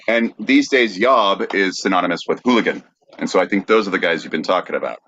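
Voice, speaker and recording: A man hosting a podcast, explaining topics in a measured way with many fillers. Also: low-pitched, fairly bright tone, dull audio. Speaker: podcast host. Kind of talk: casual chat, explaining from notes.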